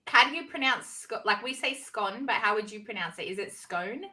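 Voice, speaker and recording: Bubbly Australian woman, bright voice. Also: medium pitch, fast talker, a little hiss or hum. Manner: bubbly, giggly, teasing. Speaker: livestream host. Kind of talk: casual chat.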